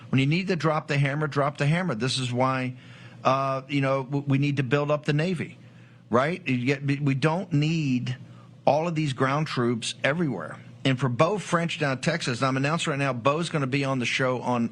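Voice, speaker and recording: A man talking politics in a forceful, rambling way, with frequent fillers and rising emphasis. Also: a little high. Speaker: political commentator. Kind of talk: broadcast political talk.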